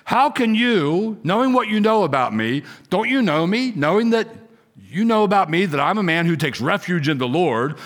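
A man's voice: a little high, a bit bright. A man voicing an indignant ancient king who rebukes timid friends with incredulous, pleading questions.

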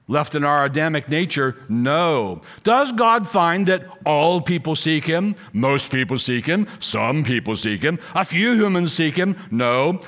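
A man delivers an expository sermon with emphasis, firing off rhetorical questions and slowing down whenever he reads scripture. His voice sits in the mid-range with a fairly bright tone.

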